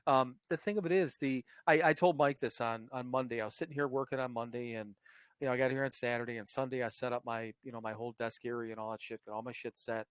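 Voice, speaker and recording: A man's voice: medium pitch, steady tone, quick pace, smooth, dry recording. A man co-hosting a podcast in casual chat, rambling and swearing freely, with lots of fillers and restarts. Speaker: podcast co-host.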